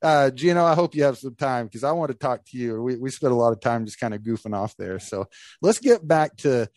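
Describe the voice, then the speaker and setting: Male host, casual storyteller, jumps into quotes, middle pitch, dry close mic. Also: fairly quick, no echo. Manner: animated storyteller acting out quotes. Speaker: podcast host.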